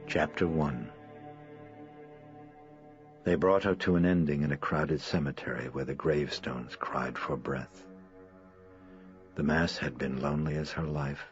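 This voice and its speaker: A man narrating a horror audiobook in a measured, somber manner. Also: very deep voice. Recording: dry, slightly dull lo-fi recording.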